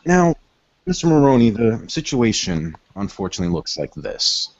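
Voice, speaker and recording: A man's voice: on the low side, sing-song, muffled recording. A man doing a courteous gangster. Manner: polite, measured, formal. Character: smooth, courteous male gangster negotiator.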